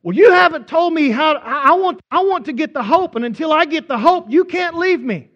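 A man's voice: extremely high pitch, animated, brisk, a bit bright, dull audio, pitched above the performer's own voice. A preacher voicing a grieving man who sobs and pleads on a plane. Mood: pleading. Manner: tearful, pleading.

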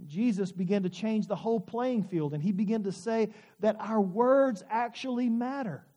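High-voiced male pastor preaching. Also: dark tone. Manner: storytelling, drawn-out emphasis, folksy asides. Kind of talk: sermon.

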